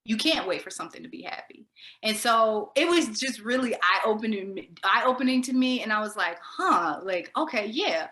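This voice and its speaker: A woman co-hosting a talk show, telling stories in an animated way with quick asides. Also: on the high side. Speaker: co-host. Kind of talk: casual chat. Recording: echoey room.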